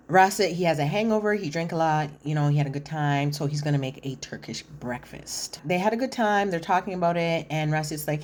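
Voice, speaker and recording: A woman with a slightly low voice chats through a reality-show recap. She sounds opinionated and animated and keeps jumping into little impressions of the cast. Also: a little fast, few pauses. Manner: chatty and opinionated, acts out quotes, often says "listen". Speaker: reality TV commentator. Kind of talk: casual recap commentary.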